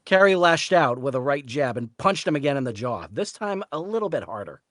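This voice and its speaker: A man reading the narration of a story aloud at a live reading, in a steady storytelling manner. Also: fairly high pitch, a little fast, dry recording, studio quality. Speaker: reader, narrator.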